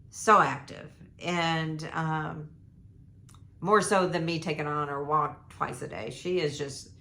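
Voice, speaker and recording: A hoarse older woman, talking slow and low-pitched as she meanders through a home vlog update. She fills her pauses with ums and restarts her sentences, and her voice bounces around an echoey room. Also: bright, forceful tone. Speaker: vlogger. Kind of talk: rambling casual life update.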